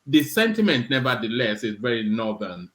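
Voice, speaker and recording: A man on a panel, speaking in a measured, slightly hesitant way. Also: medium pitch, very animated. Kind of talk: panel discussion.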